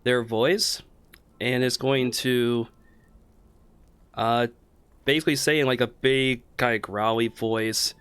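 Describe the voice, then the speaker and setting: A man's voice: mid-range voice, fairly even intonation, slow, long pauses, fairly bright tone, smooth. A man playing in a tabletop game, thinking aloud hesitantly with many fillers while he plans his move. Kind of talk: casual game table chat.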